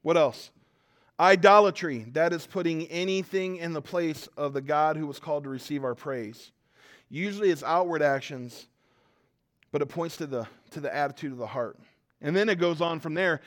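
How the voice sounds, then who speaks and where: A man preaching a sermon, telling self-mocking stories with lively jumps between loud and quiet. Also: fairly high pitch, brisk. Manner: joking, self-mocking storytelling; animated, swings from loud to quiet. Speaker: pastor.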